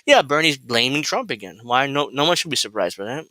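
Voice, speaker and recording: A man's voice: medium pitch, sing-song, fairly quick, hardly any pauses, pushed and bright, no room sound. A man hosting a casual political commentary livestream from home, talking in a rambling, sardonic way and swearing freely. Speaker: host. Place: at home, cooking while streaming.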